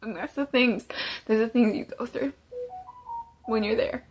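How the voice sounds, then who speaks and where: A woman's voice: on the high side, moderate pace, darkish tone, a little hiss or hum. A woman giving emotional testimony as a former inmate, urgent and pleading. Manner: urgent, pleading, tearful at times.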